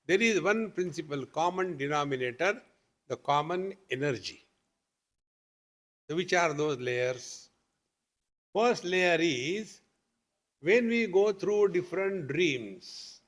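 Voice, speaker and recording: Male swami, slow and patient spiritual talk with gentle humor, somewhat high-pitched. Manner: patient, questioning, with homely examples and light humor. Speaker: swami teaching at a meditation retreat. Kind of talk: spiritual discourse.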